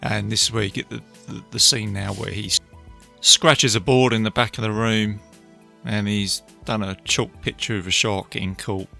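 A man casually recapping a film, chatty and enthusiastic, tossing in quick impressions of lines. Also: lowish voice, steady tone, vocal fry, pushed and bright, faint music behind. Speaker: film reviewer.

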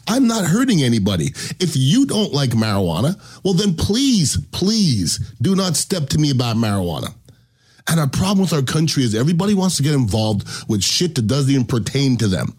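A man's voice: a little high, wildly swooping pitch, moderate pace, husky. A podcast host, a man, giving a blunt, opinionated monologue and swearing freely.

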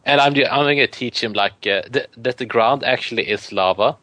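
A man's voice: a little fast, bright, forceful tone, dry recording. A man co-hosting a casual comedy podcast, joking around and breaking into silly bits. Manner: jokey, puts on squeaky voices for bits. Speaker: podcast co-host.

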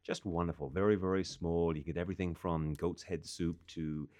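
Low-voiced measured man. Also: steady tone, darkish tone, no room sound. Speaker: chef and TV judge, studio guest. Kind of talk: casual radio chat. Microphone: studio microphone.

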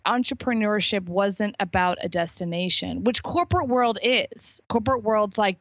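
A woman's voice: mid-range voice, normal speed, hardly any pauses, no echo, lo-fi sound. A woman in her forties, a guest in a casual interview, telling stories with animation and acting out the voices of others. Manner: animated storyteller, acts out quoted voices.

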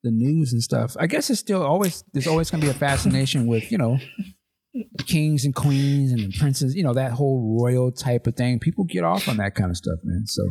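A man's voice: mid-range voice, animated, normal speed, gravelly, a little mellow, a little hiss or hum. A man co-hosting a podcast, talking in a laid-back, slangy way and laughing often. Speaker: podcast co-host. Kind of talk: casual chat.

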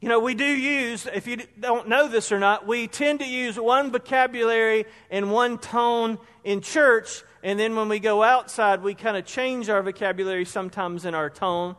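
A man's voice: high voice, moderate pace, hardly any pauses, a bit bright. A man preaching a conversational sermon as pastor, acting out everyday examples to make his points. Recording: long hall reverb.

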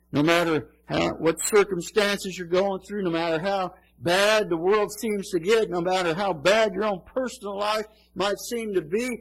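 Husky, gravelly high-voiced male preacher. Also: rough recording. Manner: earnest, emphatic preaching with scripture quotes. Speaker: pastor. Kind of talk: sermon.

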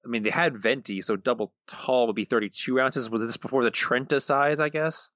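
A man's voice: medium pitch, a little fast, a bit bright, dry recording. A man co-hosting a podcast in casual chat, dry and wry. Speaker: podcast co-host. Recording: dull dry lo-fi sound.

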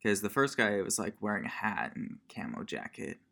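A man co-hosting a casual podcast chat, telling an animated story and laughing often. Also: lowish voice, normal speed, vocal fry. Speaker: podcast co-host.

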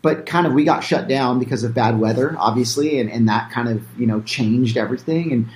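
A man's voice: mid-range voice, a little fast, echoey room. A man, a filmmaker being interviewed, talking casually with many fillers and restarts. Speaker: filmmaker guest.

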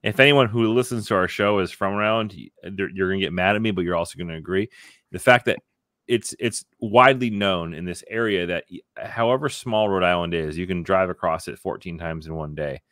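A man's voice: deep voice, a little fast, fairly bright tone, no room sound, clean studio sound. A man from western Massachusetts co-hosting a podcast, joking and swearing in casual banter. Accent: plain New England. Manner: profane, joking, laughing. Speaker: podcast co-host.

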